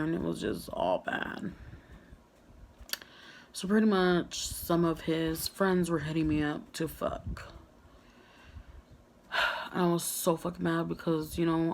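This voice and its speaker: Young woman, lowish gravelly voice, frank storytime vlog with faint background hiss. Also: darkish tone. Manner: candid, frank, heavy swearing, lots of "like". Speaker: vlogger. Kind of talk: casual storytime monologue.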